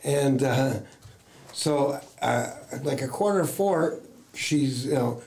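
This middle-aged US talent agent, being interviewed, wanders through casual stories, voicing what others said and leaning on plenty of fillers. He speaks slowly in an animated, mid-range voice with a slightly mellow tone.

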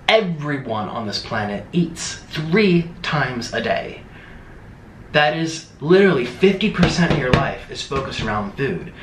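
A man's voice: on the high side, fairly bright tone, slight background noise. Male mukbang host, chatty ranting delivery with mocking asides, roomy echo. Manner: rambling, emphatic, mocking impressions. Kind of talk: casual rant to camera. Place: room in Bangkok.

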